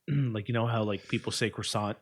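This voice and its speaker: A man's voice: lowish voice, steady tone, normal speed, slightly rough. A man co-hosting a podcast, agreeing easily and rambling through casual talk with lots of fillers. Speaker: podcast co-host. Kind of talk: casual chat.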